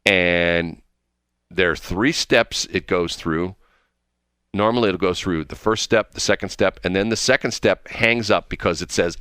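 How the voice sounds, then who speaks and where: A man's voice: low-pitched, unhurried, a bit bright, smooth, dry recording, clean studio sound. A man hosting a radio show, joking and flustered in casual on-air banter.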